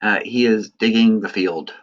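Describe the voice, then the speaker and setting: Low-voiced guy explaining grammar to students, laid back, muffled recording. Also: normal speed. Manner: relaxed, explanatory, with frequent "uh" and "right". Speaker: Greek teacher. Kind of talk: recorded lecture.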